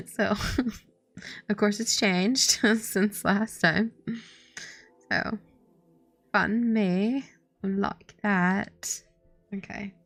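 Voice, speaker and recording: A woman streams herself working on a game, rambling and giggling and saying "like" a lot as she chats. Her mid-range, slightly bright voice is animated but very slow, with long pauses, over soft background music and no echo.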